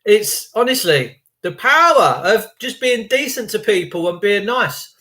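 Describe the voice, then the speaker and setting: A man's voice: sits high, big pitch swings, a little slow, sharp tone. A man telling a rambling story in a chatty, emphatic, repetitive way. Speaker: vlogger.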